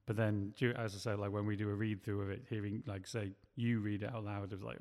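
A man's voice: lowish voice, flat delivery, a little fast, darkish tone, in a large hall. A man who writes and produces films, talking in a loose, rambling way and often stopping to correct himself. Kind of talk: casual chat.

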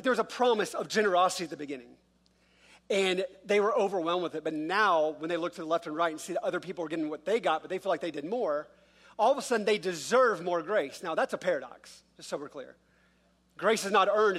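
High-voiced man preaching a lively sermon. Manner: conversational preaching with acted-out quotes and rhetorical questions. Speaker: pastor.

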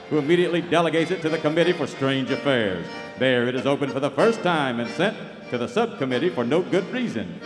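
A man announcing and narrating a live radio show, in a showman style, from a theater stage. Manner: booming showman announcing, then dry storytelling. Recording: live theater with reverb, audience and music.

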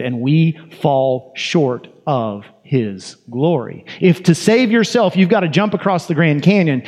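A man's voice: on the high side, a little mellow. A man preaching a sermon in a conversational, emphatic way, asking questions and repeating phrases for effect.

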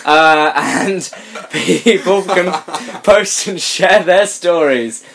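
A man's voice: sits high, drawn-out words, gravelly, fairly bright tone. A young man hosting a comedy podcast, swearing freely and mockingly reading bad fan fiction aloud. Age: young adult. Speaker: podcast host.

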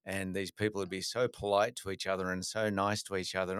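A man's voice: low voice, level tone, very fast, fairly bright tone, smooth, no echo, clean studio sound. A man hosting a podcast, asking long conversational questions. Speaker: podcast host. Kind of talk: interview questions.

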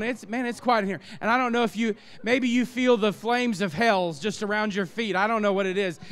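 High-voiced male pastor preaching with passion. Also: steady tone, brisk, few pauses, clean tone. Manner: impassioned, rising to loud emphatic peaks. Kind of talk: sermon. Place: church sanctuary. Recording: long church reverb.

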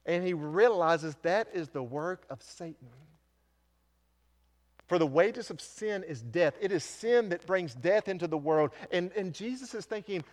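A man's voice: high-pitched, lively intonation, measured pace, in a large hall. A man preaching a sermon as pastor, earnestly asking his congregation questions and telling a story from his week. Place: church sanctuary.

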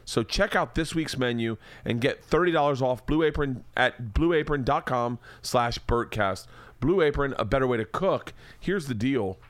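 A man's voice: mid-range voice, animated, moderate pace, no echo. A man in his forties hosting a podcast, doing a loose, profane, joking ad read. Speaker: podcast host. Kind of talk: casual ad read.

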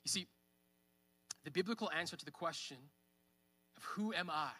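A man's voice: on the high side, normal speed, pushed and bright, big-room sound. A man in his thirties preaching a sermon at church, conversational, with fillers. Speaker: pastor. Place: church hall.

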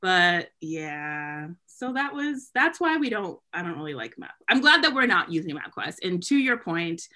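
Young woman from new england telling a funny story on a podcast, bright lowish voice, says like a lot. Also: normal speed, few pauses. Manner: animated, swears, laughs often, lots of "like". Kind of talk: casual storytelling chat.

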